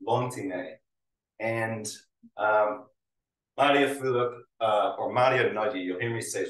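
Low-voiced man lecturing in an echoey room. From Hungary. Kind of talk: academic talk with slides. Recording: roomy sound, mic at a distance.

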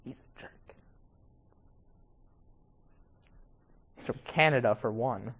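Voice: mid-range voice, close to an everyday voice. A young person improvising a parody of a rambling talk-show host in a silly home-made skit. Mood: gossipy. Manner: slow, rambling, deadpan.

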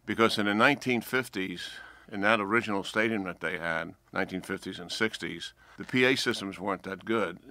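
A man's voice: lowish voice, no echo. Older New York man telling a story. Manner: animated storyteller acting out dialogue. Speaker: retired general, guest. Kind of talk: anecdote told as a guest.

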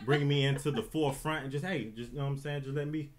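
A man's voice: medium pitch, fairly even intonation, racing. A man co-hosting a reaction video with his wife, easygoing and laid-back, often saying you know what I'm saying. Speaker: co-host, host's husband. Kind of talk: casual reaction chat.

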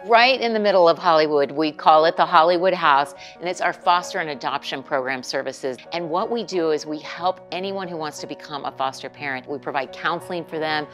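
A woman's voice: sits low, fairly quick, few pauses, soft background music. A woman from a charity's staff earnestly explaining its programs in an interview. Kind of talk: interview testimony.

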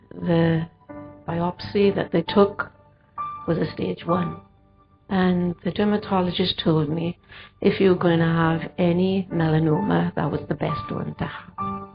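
A woman's voice: lowish voice, gravelly. A woman giving an earnest personal testimony in church, telling it steadily. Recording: muffled church recording, faint music.

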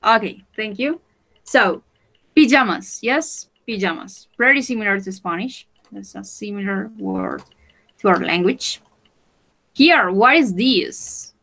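A woman teaches English vocabulary over a video call, speaking very slowly and patiently. She repeats each word for her students and switches into Spanish to explain a point. Her voice sits at a medium pitch. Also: gravelly, fairly bright tone, low-quality recording. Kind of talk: online class teaching vocabulary.

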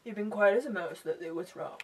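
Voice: medium pitch, quick pace, a little mellow, slight background noise, lightly acted. A student acting a hot-headed young man in an amateur comedy sketch, pleading and repeating names, recorded from a distance. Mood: casual. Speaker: student actor in a class skit.

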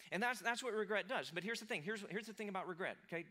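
Bright-voiced man preaching conversationally. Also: sits high, very fast, hardly any pauses. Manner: conversational, acts out quoted voices, many restarts and fillers. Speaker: pastor. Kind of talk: sermon. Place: church sanctuary.

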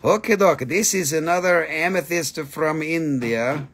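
A man's voice: a little high, measured pace, few pauses, a bit bright, slightly rough. A man hosting a live stream to sell minerals, joking around and swearing a lot as he chats. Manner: joking, goofy, swears often. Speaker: host selling minerals on a livestream. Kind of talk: live sales stream, playful chat.

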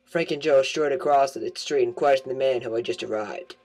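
A man reads a novel aloud as an amateur audiobook, stumbling and correcting himself as he goes. His mid-range voice is brisk and a little mellow, on a rough home recording with faint music behind it.

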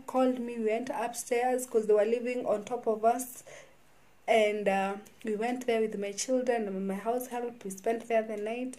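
A woman telling her own life story in a vlog, halting and often restarting her sentences. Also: a little high, mellow. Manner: halting, with frequent restarts and repeated words. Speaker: vlogger.

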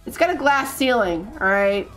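A woman's voice: a little high, lively intonation, normal speed, fairly bright tone, soft background music. A woman streaming a life-simulation game, chatting and bossing her characters around with lots of laughs and stumbling repeats. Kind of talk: live gameplay commentary.

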